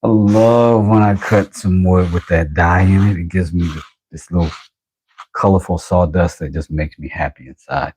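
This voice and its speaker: A man's voice: low voice, fairly even intonation, moderate pace, darkish tone, husky, poor audio. A man chatting casually to himself while working in his home workshop, making a knife for a vlog.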